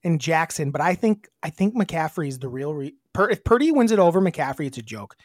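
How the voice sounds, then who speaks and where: A woman with a low voice co-hosts a casual podcast. She rambles bluntly through crude stories and acts out her own lines. The sound is dry and close. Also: sing-song, brisk, darkish tone, no room sound. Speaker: podcast co-host. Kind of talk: casual chat.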